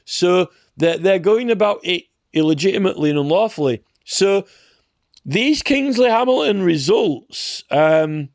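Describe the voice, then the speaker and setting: A man giving an earnest, unscripted monologue, halting often and repeating words as he builds his complaint. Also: high-pitched, expressive, creaky, dry recording, clean studio sound. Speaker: citizen campaigner.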